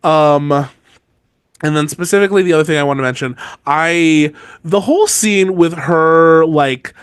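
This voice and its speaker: A man's voice: a little high, normal speed, clear, resonant tone, dry recording, clean studio sound. A man co-hosting a podcast, chatting casually about a book series, rambling with lots of fillers. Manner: rambling, many "like" fillers, mock outrage. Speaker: podcast co-host. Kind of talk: casual book-discussion chat.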